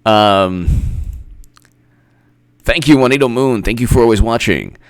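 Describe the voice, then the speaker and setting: A man's voice: medium pitch, unhurried, clean tone. A man hosting casual political commentary, reading an article aloud and reacting with sarcastic laughs. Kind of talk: casual live-stream commentary.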